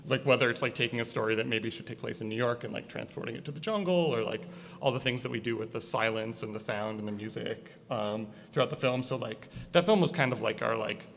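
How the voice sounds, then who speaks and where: A man from Connecticut with an East Coast accent, a filmmaker talking casually about his film, halting, with many fillers. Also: medium pitch, gravelly, a little hiss or hum. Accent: East Coast American. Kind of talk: casual conversation at a screening. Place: art gallery. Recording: reverberant gallery space.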